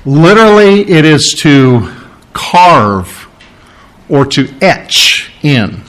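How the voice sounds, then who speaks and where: Animated male preacher with lively pitch. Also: extremely slow, clear, resonant tone. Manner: animated, emphatic preaching with repeated phrases. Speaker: pastor. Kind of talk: sermon.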